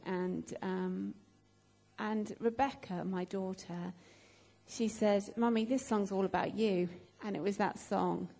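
Woman, slow pace, emotional, halting, many fillers, church testimony. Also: mid-range voice, darkish tone. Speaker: church member sharing a testimony. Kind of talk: spontaneous testimony in a group.

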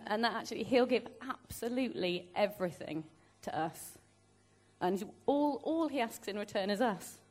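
A woman sharing a gentle, encouraging reflection in a church group. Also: a little high. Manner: gentle, reads lyrics slowly, then speaks encouragingly.

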